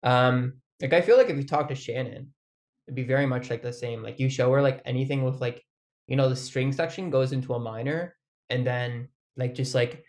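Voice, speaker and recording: Man, vlogger, casual rambling monologue, mid pitch, lots of "like", swears, laughs often. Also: fairly quick.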